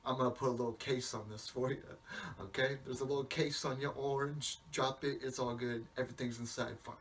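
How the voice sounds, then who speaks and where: A man's voice: mid-range voice, fairly even intonation, brisk, a bit bright, lightly acted. A man voicing God as a laid-back male maker, talking in a casual, reassuring way. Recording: distant mic, faint background hiss.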